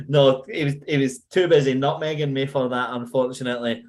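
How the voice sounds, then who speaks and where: Joking podcast co-host. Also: male voice, medium pitch, steady tone, moderate pace. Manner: joking, self-deprecating banter. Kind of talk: casual podcast chat.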